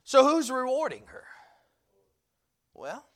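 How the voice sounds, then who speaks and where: A male preacher delivering a sermon, dropping to a hush and then rising to loud emphasis, repeating key words for weight. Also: very high voice, big pitch swings, takes it slowly.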